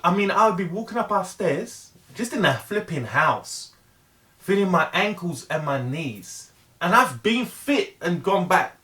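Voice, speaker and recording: A middle-aged man with a high-pitched voice speaks in an earnest, pleading way. He hammers home points through heavy repetition and often trips over the start of a phrase before pushing on. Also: bright, forceful tone. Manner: earnest, emphatic, heavily repetitive; halting restarts. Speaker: vlogger. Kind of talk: motivational monologue.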